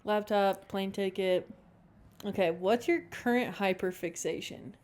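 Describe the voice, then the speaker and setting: A woman's voice: medium pitch, measured pace, a little mellow. A woman hosting a podcast, asking her guest casual questions in an upbeat way. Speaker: podcast host. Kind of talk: casual interview chat.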